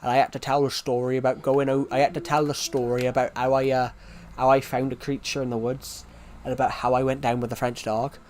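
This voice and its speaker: A man's voice: mid-range voice, little pitch movement, fairly quick, a little mellow. A young man streamer rambling through a story in casual chat, often restarting his sentences.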